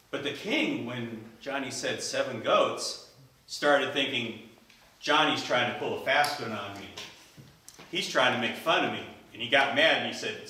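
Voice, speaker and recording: Male storyteller, animated, live event, bright tone, reverberant hall. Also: medium pitch. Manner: animated, acts out the characters' lines. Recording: echoey hall, voice from a distance.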